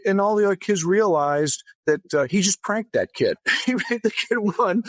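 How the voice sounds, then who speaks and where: Interviewed as a guest author, this man recounts a story with casual energy and keeps restarting sentences. He sounds slightly high, and the recording has no echo.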